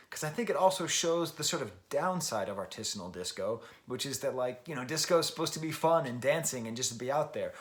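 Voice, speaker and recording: A man in his forties talks through an album review in a loose, unscripted way, full of restarts and self-mocking laughs. His delivery swings widely, loud and emphatic one moment and low and muttering the next. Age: 40s. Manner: rambling and self-deprecating, with frequent laughs and restarts. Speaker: music review vlogger. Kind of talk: casual spoken record review.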